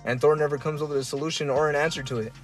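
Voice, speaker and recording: A man co-hosting a casual podcast, recapping a film in a relaxed way with lots of "like" and "yeah". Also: fairly high pitch, racing, faint music behind. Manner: relaxed, fillers like "like" and "yeah", acts out characters. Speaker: podcast co-host. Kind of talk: casual chat, movie review. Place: collectibles shop.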